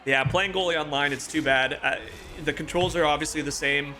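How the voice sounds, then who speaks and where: A man's voice: fairly high pitch, steady tone, brisk, sharp tone. A man from Toronto, Canada, streaming a hockey video game and calling the play-by-play with chatty asides. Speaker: gaming streamer.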